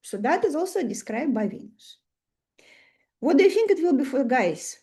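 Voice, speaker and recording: A woman's voice: sits high, sing-song, moderate pace, dark tone. A woman with a Russian accent teaching an online astrology class. She talks in a chatty way and keeps asking the class questions.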